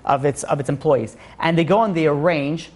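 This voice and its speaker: A man's voice: a little high, fairly quick, darkish tone. A man, a rabbi, giving a rambling Torah lecture full of restarts and fillers. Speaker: rabbi teaching a class.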